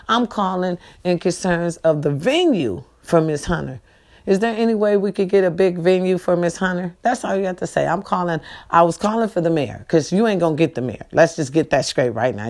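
A woman's voice: lowish voice, a little mellow. A middle-aged woman talking straight to her followers in a casual vlog, emphatic and repetitive, preaching and pleading in turns. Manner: emphatic, repetitive, preachy, calls viewers baby and y'all. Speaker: vlogger appealing to followers. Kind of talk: direct-to-camera casual appeal.

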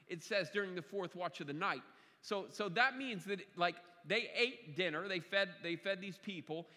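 Guy preaching in a church, kinda high voice, restarts his sentences a lot, long hall echo. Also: sharp tone. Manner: conversational, repeats key phrases, stumbles and restarts. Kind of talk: sermon. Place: church sanctuary.

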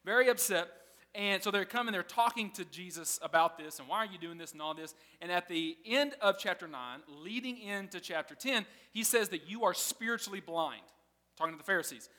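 A man's voice: high-pitched, expressive, brisk, pushed and bright, long reverb tail. A man preaching a sermon in a casual, conversational way, often laughing as he teaches. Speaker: pastor.

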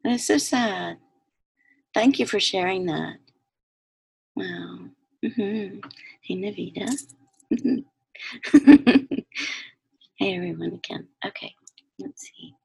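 Slow, gravelly-voiced woman host. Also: mid-range voice, darkish tone. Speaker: host of an online open mic. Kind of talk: casual hosting. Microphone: video call.

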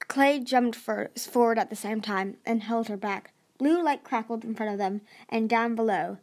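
Woman reading a novel aloud, fairly high. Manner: expressive reading with small stumbles. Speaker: audiobook podcast host.

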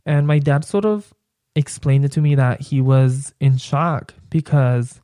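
A man's voice: medium pitch, unhurried, mellow, no echo, studio quality. A young man, a podcast host, telling a personal story in a casual, rambling way and filling his speech with "like". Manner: rambling, heavy use of "like" as filler.

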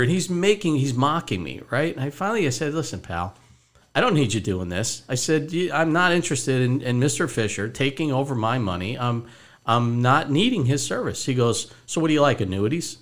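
A man's voice: mid-range voice, big pitch swings, normal speed, a bit bright. A man hosting a podcast as a financial advisor, telling a story casually and acting out both sides of a phone call.

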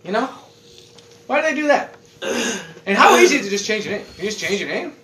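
Animated high-voiced man, echoey room. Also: fast. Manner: rambling, animated, swearing, laughing. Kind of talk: casual chat.

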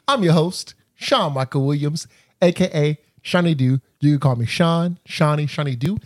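A man hosting a podcast, talking in a relaxed, casual way with lots of fillers and easy laughs. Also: on the high side, normal speed. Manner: laid-back, filler-heavy, laughs easily. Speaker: podcast host.

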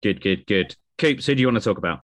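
A man hosting a casual podcast chat, calm and agreeable as he passes the talk around. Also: fairly low pitch, quick pace. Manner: calm, agreeable, prompts others. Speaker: podcast host. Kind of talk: casual chat about motor racing.

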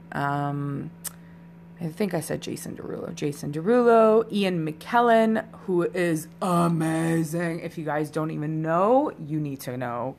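Low-voiced woman, rambling solo podcaster. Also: vocal fry, a little hiss or hum. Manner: rambling, chatty, talks straight to listeners. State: a little tipsy. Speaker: podcast host. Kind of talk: casual solo podcast chat.

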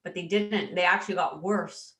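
A woman guest in an interview, speaking haltingly and choked up, with many restarts. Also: fairly low pitch, fairly even intonation, fairly bright tone, roomy sound. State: choked up with emotion. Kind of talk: emotional personal interview.

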